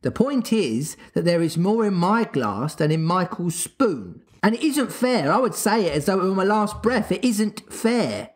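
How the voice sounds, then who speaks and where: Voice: mid-range voice, big pitch swings, unhurried, few pauses, darkish tone, husky, pitched above the performer's own voice. A podcast reader voicing a blustering, childish father who sulks and bickers. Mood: petulant. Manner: huffy and childish. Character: blustering, petulant grown father.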